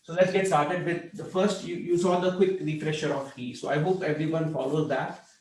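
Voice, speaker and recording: A man's voice: fairly high pitch, steady tone, normal speed, a little mellow, roomy sound, a little hiss or hum, low-quality recording. A man teaching a language class, explaining patiently and checking in with students often. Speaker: Hindi teacher.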